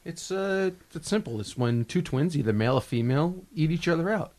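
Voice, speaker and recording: A man co-hosting a comedy podcast, delivering blunt deadpan jokes. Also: a little high, a little fast. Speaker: podcast co-host. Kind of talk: casual comedy podcast banter.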